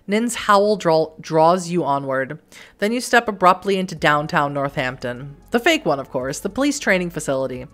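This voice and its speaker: A woman's voice: sits low, sing-song, moderate pace, fairly bright tone. A woman hosting a let's play, reading the game's text aloud with wry, joking asides.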